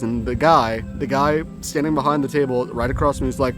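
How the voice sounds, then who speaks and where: A man's voice: mid-range voice, brisk, hardly any pauses. A young man telling a story in a casual, rambling way, swearing now and then. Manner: rambling, profane, self-correcting. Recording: clear background music.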